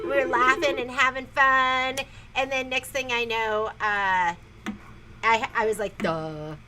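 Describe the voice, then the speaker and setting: A woman's voice: sits high, bright, forceful tone, slight background noise, poor audio. A woman co-hosting a casual shop livestream, giggly and self-deprecating, talking from her sewing store. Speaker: store co-host.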